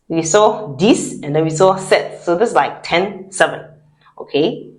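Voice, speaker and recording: A woman's voice: lowish voice, unhurried. A woman teaching French pronunciation, repeating each word several times and encouraging the learners. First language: a language other than French. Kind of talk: pronunciation lesson, drilling words slowly.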